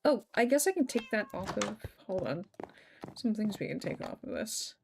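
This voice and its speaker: A woman's voice: medium pitch, moderate pace, gravelly, slight background noise. Chatty woman streamer. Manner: chatty, animated storyteller, swears and laughs. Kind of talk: casual live-stream gameplay chat.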